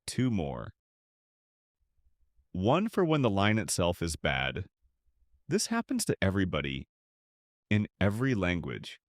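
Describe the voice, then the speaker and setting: A man teaching beginner English in a slow, clear, scripted way, pausing so listeners can repeat. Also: deep voice, wildly swooping pitch, dry recording, studio quality. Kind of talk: slow scripted lesson for learners.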